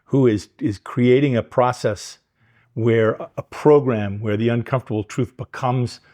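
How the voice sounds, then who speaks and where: A man's voice: medium pitch, steady tone, a little slow, mellow. A man interviewing his business partner, asking pressing, insistent questions.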